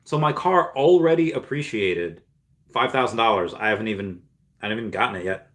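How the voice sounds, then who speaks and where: A man hosting a casual livestream, reading out messages from chat. His voice sits fairly low but has a bright, forceful edge. He rambles a lot, with plenty of fillers and false starts. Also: animated, fairly quick. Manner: rambling, full of fillers and restarts; reads viewer messages aloud and replies. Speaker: streamer answering live chat.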